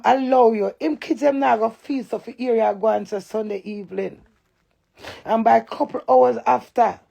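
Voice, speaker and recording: A middle-aged woman with a Jamaican accent, ranting loud and cantankerous on a live stream and swearing in patois. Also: high-pitched, gravelly. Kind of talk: heated live-stream rant.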